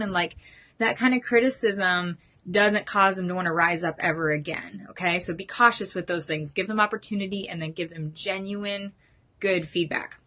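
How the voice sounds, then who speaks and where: Bright, earnest woman giving a pep talk. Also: on the low side, moderate pace. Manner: earnest and animated, addresses listeners as you guys. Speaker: team leader giving a training talk. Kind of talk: motivational training talk.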